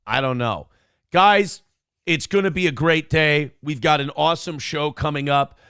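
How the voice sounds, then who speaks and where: A man rants through his morning show with brash, profane bravado. His voice sits a little high and carries a gravelly rasp. The sound is close and dry. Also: moderate pace, pushed and bright, no room sound. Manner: brash, profane, boastful storytelling. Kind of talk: casual talk show rant.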